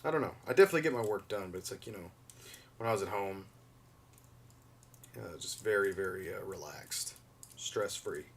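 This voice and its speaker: Hosting a casual figure-repair livestream, a man in his thirties rambles while walking through hands-on repair steps. He speaks low at a moderate pace with long pauses, sounding a bit distant from the mic amid a little hiss or hum.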